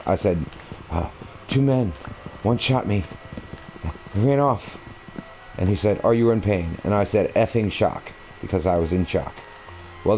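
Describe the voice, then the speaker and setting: Playing a console game at home, this gaming video creator speaks in a deep, mellow voice, telling personal stories in a loose, casual way. He strays between thoughts, with plenty of fillers and restarts. A faint hiss runs under a rough recording.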